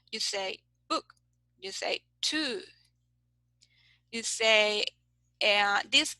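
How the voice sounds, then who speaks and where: Bright-voiced teacher. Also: female voice, on the high side, dry recording, poor audio. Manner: tags sentences with "okay?", explains patiently. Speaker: English phonetics teacher. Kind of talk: online class lecture. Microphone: video call.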